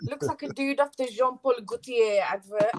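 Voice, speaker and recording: A woman hosting a casual live panel chat, teasing and expressive. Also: fairly high pitch, moderate pace.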